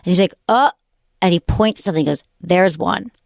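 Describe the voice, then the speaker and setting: A woman hosting a podcast, telling a story in animated, casual chat full of "like" fillers. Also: fairly low pitch, quick pace, no room sound, studio quality. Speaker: host.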